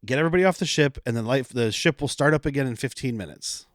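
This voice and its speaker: A man's voice: medium pitch, fast talker, dry recording, studio quality. A man co-hosting a podcast, retelling a movie's plot in a rambling, joking way. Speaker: podcast co-host. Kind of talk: casual comedic movie recap.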